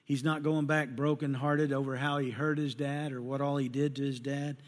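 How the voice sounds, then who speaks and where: A man's voice: mid-range voice, little pitch movement, moderate pace. A middle-aged man preaching a sermon, telling folksy personal stories and acting out the voices of the people in them. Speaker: pastor. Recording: long hall reverb.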